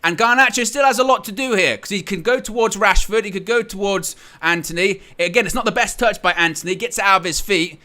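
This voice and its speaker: A man hosting a live football watchalong, calling the play, surging loud at goals and then breaking it down calmly, reading viewers' chat aloud. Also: high voice, fast, few pauses. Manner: excitable, surges loud at goals, then calm analysis. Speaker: watchalong host. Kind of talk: live match watchalong commentary.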